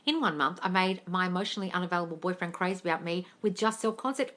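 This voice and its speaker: Bright-voiced woman, live-stream host, blunt and sweary, scolds her viewers. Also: fairly low pitch, fast, hardly any pauses, slight background noise. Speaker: host answering live chat questions.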